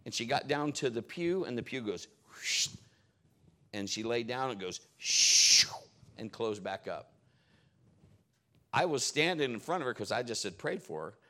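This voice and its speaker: A male pastor preaching a sermon at a church service, telling animated stories and laughing along the way. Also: mid-range voice, moderate pace. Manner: animated storytelling, laughing, exclamatory.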